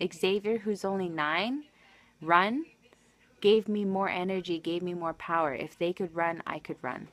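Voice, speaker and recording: A married woman livestreaming, telling a personal story in an emotional, rambling way full of restarts. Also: lowish voice. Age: adult, married.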